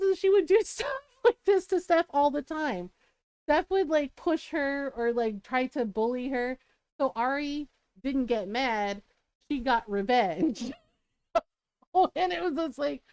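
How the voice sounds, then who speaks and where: A woman's voice: high voice, unhurried, a little mellow, no room sound. A middle-aged woman streamer telling a family story in casual chat. She laughs often as she talks and acts out the people she quotes.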